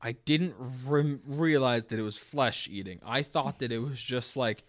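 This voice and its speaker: A man's voice: medium pitch, unhurried. A young man co-hosting a casual book podcast, easygoing and full of fillers as he recaps the story. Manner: laid-back, plenty of fillers and agreeing murmurs. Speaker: podcast co-host.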